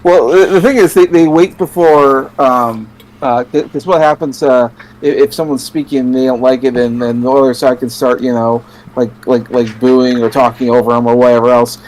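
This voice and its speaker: Halting Canadian man in podcast chat. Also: medium pitch, fairly even intonation, darkish tone, poor audio. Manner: halting, many restarts, quick bursts. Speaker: podcast co-host. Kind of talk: casual chat.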